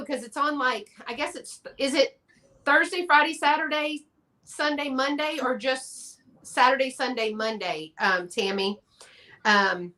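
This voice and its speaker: A woman's voice: sits high, sharp tone. A woman from Texas with a Southern accent, chatting casually in a live stream and laughing often. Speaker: guest collector.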